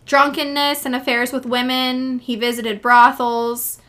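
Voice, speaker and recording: A woman's voice: sits high, flat delivery, a little slow, sharp tone. A young woman co-hosting a casual history podcast, chatty, laughing often and reading quotes aloud. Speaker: podcast co-host.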